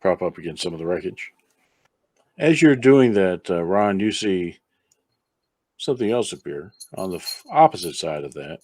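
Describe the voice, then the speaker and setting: A man runs a tabletop game in an easygoing, chatty way. His voice sits very low and a little husky. The sound is dry and close. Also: animated, moderate pace, long pauses, a little mellow, no room sound. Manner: easygoing, chatty, breaks off to talk to a pet. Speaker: game master.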